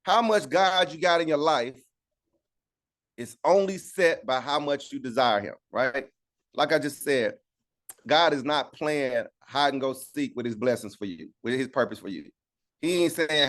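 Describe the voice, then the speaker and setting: A man's voice: on the high side, a little slow, long pauses, fairly bright tone. Preacher man teaching casually online. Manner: conversational, repeats "right?" for agreement. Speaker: Bible study teacher. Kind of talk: informal online Bible study teaching. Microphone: video call.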